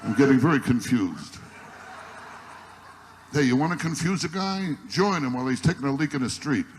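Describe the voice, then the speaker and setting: In a noisy archival recording of a live show, a man works the stage with exasperated one-liners. His voice is mid-range with lively intonation, and his pace is normal.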